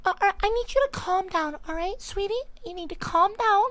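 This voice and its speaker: A man putting on a calm, coaxing ex-partner talking him down over the phone. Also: extremely high pitch, brisk. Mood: soothing. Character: soothing ex-partner on the phone, patient.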